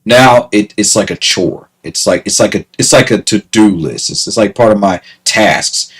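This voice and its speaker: A man's voice: lowish voice, moderate pace, slight background noise, rough recording. A man ranting casually to camera, exasperated, repeating himself and breaking into laughter. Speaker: vlogger.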